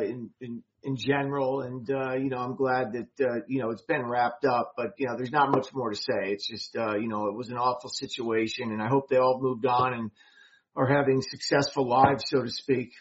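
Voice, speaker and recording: A man co-hosting a podcast, speaking in a halting, subdued way as he searches for words. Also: mid-range voice, fairly even intonation. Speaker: podcast co-host. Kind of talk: casual chat. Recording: dull lo-fi sound.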